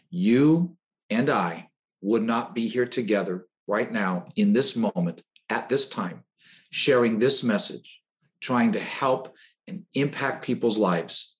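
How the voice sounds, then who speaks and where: A middle-aged man, a coach and podcast guest, giving an earnest motivational talk with repeated phrases. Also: on the low side. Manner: earnest, preaching, repetitive phrasing.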